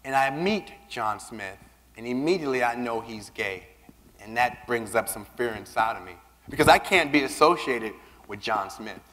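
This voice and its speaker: A man giving a keynote speech, telling personal stories in an animated way and acting out the voices of the people he quotes. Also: medium pitch, moderate pace. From Southern United States. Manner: animated, acts out quoted voices, repeats words when starting a line. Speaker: keynote speaker. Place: large conference hall. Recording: reverberant hall.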